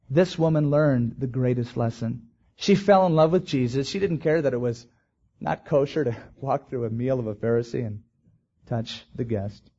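A man with a husky, slightly raised voice delivers a sermon from the pulpit. He swells to emphatic peaks and then drags out key words slowly. The recording is dull and lo-fi. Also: on the high side, a little mellow. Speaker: pastor.

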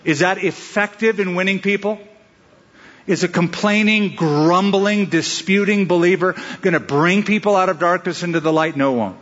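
A man's voice: high voice, normal speed, a bit bright. A male pastor giving a conversational sermon, asking his listeners questions and acting out little asides. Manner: conversational preaching with rhetorical questions and acted-out asides. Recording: dull sound with long hall reverb.

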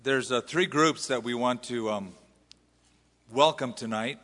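A man's voice: mid-range voice, unhurried, in a large hall, over loud music. A man from the US West Coast with an American accent, preaching a sermon in a conversational, self-deprecating way. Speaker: pastor. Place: large church hall.

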